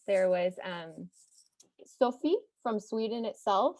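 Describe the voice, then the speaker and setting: A young woman from Texas with no regional accent, telling a personal story to an audience in a chatty, animated way with side remarks. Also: medium pitch, slow pace, no room sound. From Texas, United States.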